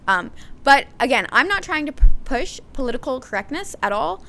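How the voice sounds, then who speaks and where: A woman's voice: sits high, very animated, fairly quick, bright, forceful tone. A young American woman hosting a solo podcast, talking candidly and thinking aloud with frequent ums and likes. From United States. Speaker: podcast host.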